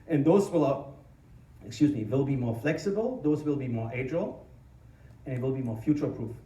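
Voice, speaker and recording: A man with a German accent giving an energetic, informal tech conference talk, joking about himself and restarting sentences often. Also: mid-range voice, moderate pace, recorded from a distance. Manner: energetic, informal, self-deprecating, many restarts. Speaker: conference speaker. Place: conference hall. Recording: echoey hall, mic from afar.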